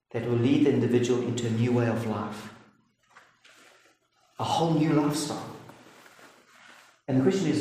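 Earnest preacher in an echoey hall. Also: male voice, mid-range voice, mellow. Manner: earnest, emphatic, slows for stress. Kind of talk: sermon. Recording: echoey hall with faint noise.

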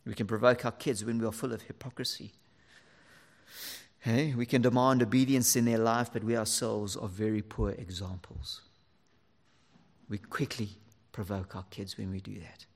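A man preaching a sermon to fathers, earnest and lively, sometimes dropping almost to a whisper for emphasis. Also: fairly low pitch, moderate pace, long pauses, in a large hall.

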